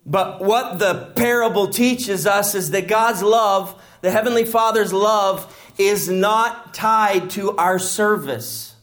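A man's voice: high voice, slow, hardly any pauses, a bit bright. A man preaching a sermon in a church, acting out the characters as he explains a parable. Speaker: pastor.

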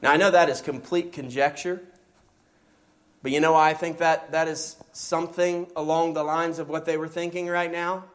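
A man's voice: fairly high pitch, little pitch movement, moderate pace. A man teaching a Bible study sermon, acting out quoted voices and asking his listeners rhetorical questions. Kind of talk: expository sermon.

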